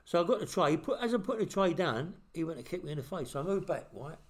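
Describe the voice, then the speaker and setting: A man's voice: on the high side, expressive, quick pace. A middle-aged man, a podcast host telling a blunt, swear-filled story in casual chat.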